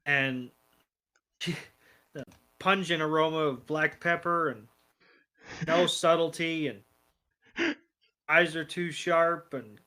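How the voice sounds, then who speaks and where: A man's voice: on the high side, slow pace, long pauses, sharp tone. A man co-hosting a podcast, casually retelling a cartoon episode, laughing and swearing as he goes. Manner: casual and profane, laughs while retelling scenes. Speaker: podcast co-host. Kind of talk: casual comedic episode recap.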